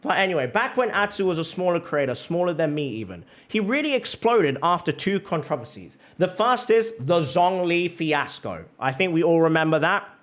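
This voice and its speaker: A man's voice: a little high, sing-song, moderate pace, hardly any pauses, fairly bright tone. A male streamer giving a heated, profane reaction rant on stream, repeating phrases for emphasis.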